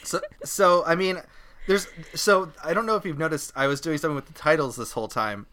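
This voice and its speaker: A man's voice: on the high side, a little fast, pushed and bright. A man co-hosting a podcast in casual chat, rambling and self-mocking and laughing often. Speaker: podcast co-host.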